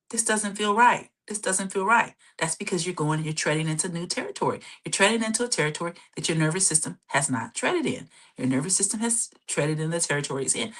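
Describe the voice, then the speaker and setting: A woman's voice: lowish voice, fairly bright tone. A woman therapist hosting her own show, teaching and leading a guided exercise, checking in with listeners again and again. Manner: repetitive, checks in often with "okay?".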